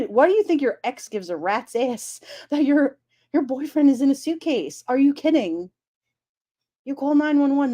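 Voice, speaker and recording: A woman chatting casually on a live stream, animated and incredulous, often exclaiming. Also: fairly high pitch. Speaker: streamer talking true crime.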